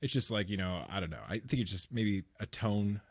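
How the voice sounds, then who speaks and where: A man's voice: lowish voice, fairly quick, no echo. A young man hosting a podcast interview, talking casually with many fillers into a studio microphone. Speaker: podcast host.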